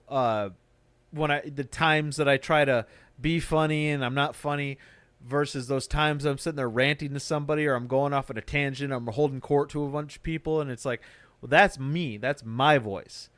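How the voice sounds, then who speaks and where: A man's voice: mid-range voice, fairly bright tone, no echo. A man who does stand-up, hosting a podcast and ranting in a casual, profane, motivational way. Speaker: podcast host; stand-up comic. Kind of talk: casual chat.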